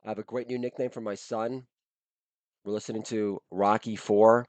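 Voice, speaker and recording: A man hosting a podcast with a blown-out, hoarse voice, delivering a crude comedic rant broken up by sudden shouted catchphrases. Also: lowish voice, flat delivery, moderate pace, no echo. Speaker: podcast host.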